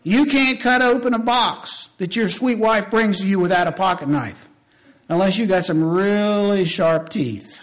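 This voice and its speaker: A man preaching a sermon to his church, impassioned, rising to loud appeals and dropping to hushed storytelling, with folksy asides to the congregation. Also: high-pitched, a little slow.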